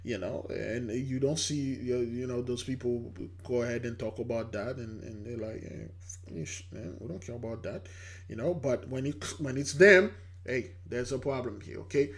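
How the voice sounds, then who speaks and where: A man's voice: mid-range voice, moderate pace. A man hosting a religious channel, giving emphatic casual commentary on a news clip. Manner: animated, emphatic, acts out quoted voices.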